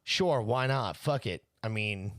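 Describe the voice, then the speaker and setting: A man's voice: fairly low pitch, measured pace, a bit bright, no room sound, studio quality. A man co-hosting a podcast in casual banter, laid-back and rambling, swearing constantly. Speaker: podcast co-host.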